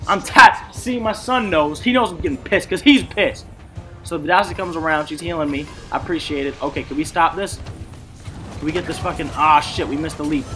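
A man streaming an online game, giving excited, profane play-by-play commentary and trash-talking the enemy team from his desk mic. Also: fairly high pitch, fairly quick, soft background music. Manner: trash-talking, profane, hyped, swings between mutters and shouts. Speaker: gameplay streamer. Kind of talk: excited live gameplay commentary. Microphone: desk mic at a gaming setup.

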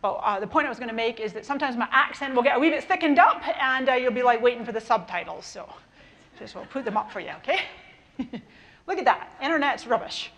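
A middle-aged woman with a Canadian-Scottish accent gives a keynote in a large conference hall. Her voice sits fairly high and she stays enthusiastic and chatty, calling out to the crowd. She speaks into a lapel mic. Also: expressive, fast talker, a bit bright, slight background noise. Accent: mixed Canadian and Scottish. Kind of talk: lively conference talk.

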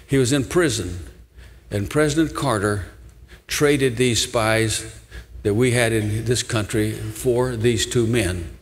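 A man's voice: on the low side, takes it slowly. An older man preaching a sermon as pastor, telling a story in an earnest manner and pleading with his listeners. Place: large church sanctuary. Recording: long church hall reverb.

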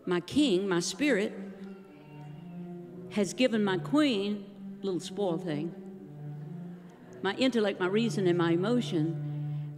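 Woman preacher in an echoing hall. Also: medium pitch. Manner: emphatic, rhythmic preaching that swings from hushed to shouting. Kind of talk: sermon. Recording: live hall recording with long reverb and music.

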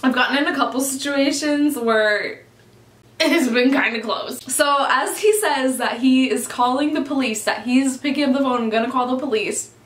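Young woman in her twenties, high voice, chatty storyteller who swears a lot; echoey room. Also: normal speed. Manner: chatty, swears often, says "like" constantly. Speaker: vlogger. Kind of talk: casual storytime.

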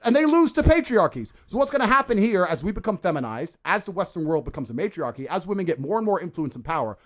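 Give me a man ranting emphatically on a podcast, quick, with lively pitch. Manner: forceful, profane and emphatic. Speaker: podcast guest. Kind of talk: ranting casual talk.

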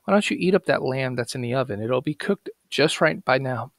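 A man with a gravelly voice reading the part of a grieving housewife, raising his voice a little to plead. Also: mid-range voice, expressive, brisk, no echo, close to an everyday voice. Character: grieving housewife, woman, quietly scheming.

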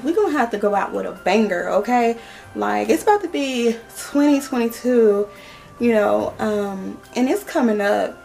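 A fairly high-voiced woman talks at home in a relaxed haul vlog, chatty and animated, calling her viewers y'all. Faint music plays under her voice. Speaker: vlogger. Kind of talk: casual talking haul vlog.

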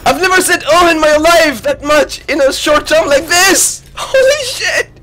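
A man streaming live gameplay, reacting with loud excited exclamations and swearing. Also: extremely high pitch, normal speed. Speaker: gaming streamer.

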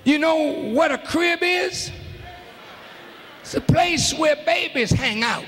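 High-pitched shouting preacher man. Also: expressive, slow pace, long pauses. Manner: shouting, emphatic, calls out to the audience. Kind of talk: fiery sermon. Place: large arena hall. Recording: live arena hall with faint crowd noise.

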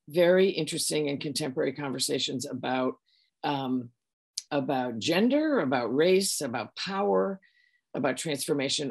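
A woman's voice: low voice, vocal fry, darkish tone. A middle-aged American woman, a director of education talking as a guest, speaking with enthusiasm and often restarting her phrases. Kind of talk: conversational interview.

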